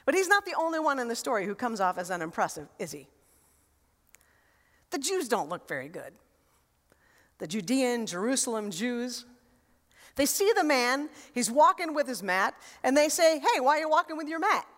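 High-voiced woman preaching in an echoing sanctuary. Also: normal speed, pauses often. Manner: conversational, expressive, rhetorical. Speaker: pastor. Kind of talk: sermon. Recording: long reverb in a large hall.

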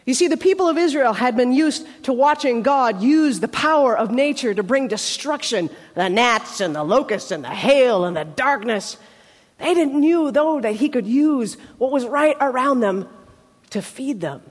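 Woman preacher: high voice, conversational sermon with dramatic pauses, long hall reverb. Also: lively intonation.

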